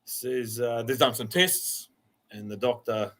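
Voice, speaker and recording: A man's voice: medium pitch, measured pace, fairly bright tone. An Australian man co-hosting a podcast, laid-back, telling a crude joke and laughing often. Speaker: podcast co-host. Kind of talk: casual chat, joke-telling.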